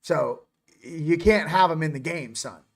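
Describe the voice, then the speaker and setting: A man voicing matter-of-fact advanced alien beings who speak bluntly, in a higher voice. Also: unhurried.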